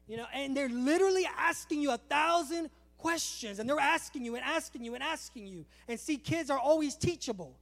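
Man, preacher, very high voice, animated sermon storytelling. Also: brisk, gravelly, few pauses. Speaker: pastor.

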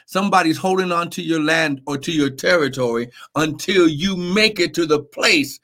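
A man's voice: on the high side, moderate pace. A man preaching in a live Bible teaching, reading scripture, repeating words and calling for amens. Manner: animated, repeats words, asks amen.

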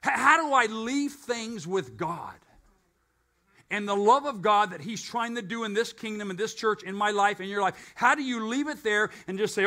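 Older man, pastor, casual sermon delivery, high bright tone. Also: lively intonation, normal speed. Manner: conversational, self-questioning preaching.

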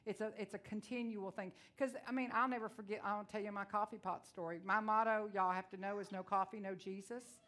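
A woman from Texas with a Texan accent, preaching a sermon in a loud, blunt, emotional and folksy way. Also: mid-range voice, fairly even intonation, a little fast, few pauses. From Texas, USA.

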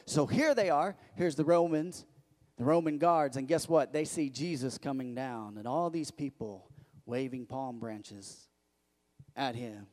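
A man preaching a sermon as pastor, emphatic and repetitive, building to loud declarations. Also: medium pitch, measured pace. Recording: echoey hall.

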